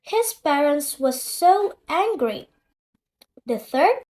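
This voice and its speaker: Slow high-voiced woman teaching grammar. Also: big pitch swings. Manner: clear deliberate explaining, reads out example sentences. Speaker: English teacher.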